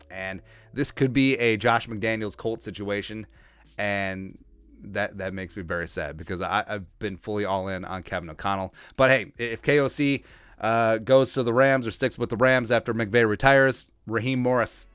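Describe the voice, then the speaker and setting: A man hosting a sports podcast, riffing in a joking, rambling way and putting on quick mock voices for the people he talks about. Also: fairly low pitch, a bit bright, clean tone, dry recording. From Asian heritage, Minnesota fan. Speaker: podcast host. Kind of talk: comedic sports commentary.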